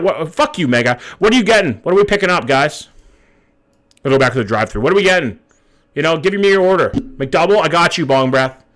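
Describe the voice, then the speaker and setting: A man's voice: on the high side, fairly bright tone. A man, casually chatting and swearing as he reacts to viewers' hometowns live. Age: 30s. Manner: casual, profane, reads chat aloud. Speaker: live streamer. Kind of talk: live stream reaction chat.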